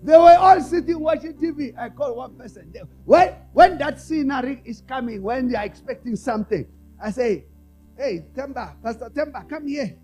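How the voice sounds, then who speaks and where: A man preaching a sermon to a congregation in call-and-response style. He drops to quiet, low asides and then rises to loud exhortation. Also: brisk, few pauses, soft background music, low-quality recording. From South Africa. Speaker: apostle preaching.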